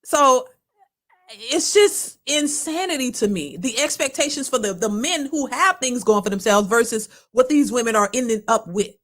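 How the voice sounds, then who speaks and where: A woman hosting a reaction video, giving casual commentary in a colloquial, animated way and often repeating herself. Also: a little high, normal speed.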